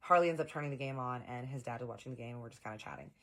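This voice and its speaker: A young woman from the American South, telling a personal story in a chatty, animated way. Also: rumbling low, very fast. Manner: animated, chatty, full of "like" fillers. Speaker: storytime vlogger. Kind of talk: casual storytelling.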